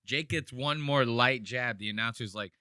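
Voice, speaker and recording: A man talks over fight highlights in loose, profane banter, slipping into mocking voices. His tone is bright and forceful. The studio sound is dry and close. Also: normal speed, clear, resonant tone, no echo. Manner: crude, animated, mocking impressions. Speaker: podcast host. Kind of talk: casual chat reacting to fight clips.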